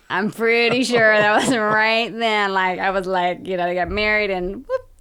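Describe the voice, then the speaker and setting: A woman from Louisiana, a guest actress and producer, telling lively, chatty stories with frequent laughter in a casual interview. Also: medium pitch, measured pace, clean tone. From Louisiana, United States.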